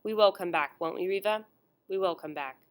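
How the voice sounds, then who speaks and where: A woman voicing a fragile, frightened young girl who pleads softly in an audiobook. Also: mid-range voice, brisk, clear, resonant tone, lightly acted. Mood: frightened pleading. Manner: soft, pleading.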